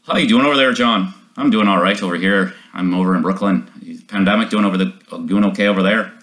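A man's voice: deep voice, fast, a bit bright. An American man putting on a cheerful, exaggerated Irish accent as a joke.

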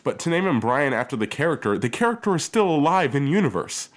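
A man's voice: on the high side, big pitch swings, quick pace. A man hosting a casual movie review chat, skeptical and given to laughing.

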